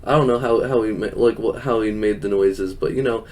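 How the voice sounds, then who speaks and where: A man's voice: lowish voice, brisk, darkish tone. Young man rambling casually about wrestling. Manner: rambling, laughs often, quotes wrestlers in silly voices. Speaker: podcast host. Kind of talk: casual recap chat.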